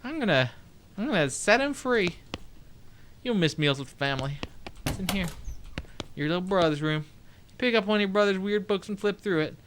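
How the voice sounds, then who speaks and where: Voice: medium pitch, expressive, brisk, pauses often, slight background noise. A let's play host giving casual gameplay commentary, reading game text aloud with joking asides, chatting to viewers, swearing and laughing now and then.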